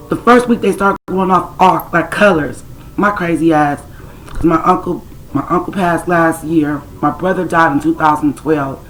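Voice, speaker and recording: A woman's voice: low voice, a little hiss or hum, rough recording. Blunt, streetwise woman talking to viewers. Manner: blunt and streetwise, swears, talks straight to the camera's audience. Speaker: self-described spiritual intuitive. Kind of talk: casual spiritual storytelling to viewers.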